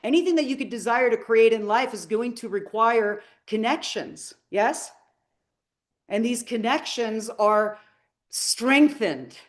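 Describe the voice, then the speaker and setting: A woman's voice: fairly high pitch, measured pace. A middle-aged woman giving a live motivational masterclass, earnest and inspirational, telling stories and asking the audience questions. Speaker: motivational speaker.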